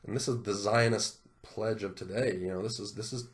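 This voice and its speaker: A man hosting a video, reading scripture aloud in a solemn cadence and commenting on it in an animated, indignant way. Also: on the low side, brisk, slight background noise.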